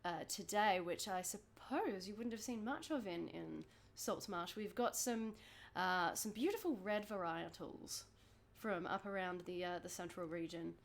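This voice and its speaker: A woman's voice: on the low side, lively intonation, measured pace, gravelly. Woman voicing a chatty young half-elf wine merchant. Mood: eager. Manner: gossipy, breezy, candid asides. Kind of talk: tabletop role-play voicing.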